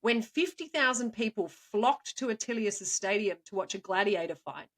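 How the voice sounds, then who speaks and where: A woman co-hosting a podcast, playfully telling stories with quick asides and frequent laughs. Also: mid-range voice, expressive, fairly bright tone. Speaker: co-host, storyteller. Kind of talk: casual chat.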